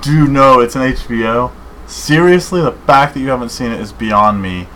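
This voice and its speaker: A man co-hosting a podcast in casual chat, rambling and excited, saying dude and man a lot. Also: mid-range voice, normal speed, slight background noise, low-quality recording. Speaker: podcast co-host.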